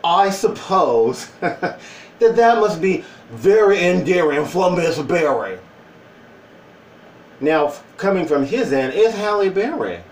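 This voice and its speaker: A man's voice: high-pitched, sing-song, a little slow, darkish tone, roomy sound, far from the mic, slight background noise, poor audio. A man talking casually in a joking opinion vlog, with playful asides and put-on voices. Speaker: vlogger.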